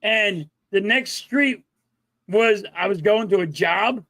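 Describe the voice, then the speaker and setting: A middle-aged man with a Philadelphia accent and a high voice speaks slowly, recorded with no room sound. Co-hosting a laid-back podcast, he's an animated storyteller who acts out quotes and swears without restraint.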